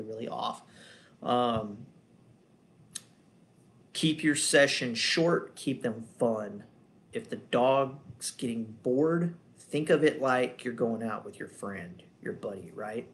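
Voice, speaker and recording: A male dog trainer talking through his methods in a relaxed, off-the-cuff manner. He drifts between points, asks rhetorical questions and fills pauses with hesitations. His voice sits at an everyday middle pitch. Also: gravelly. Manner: conversational, rambling, rhetorical questions. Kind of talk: casual instructional talk.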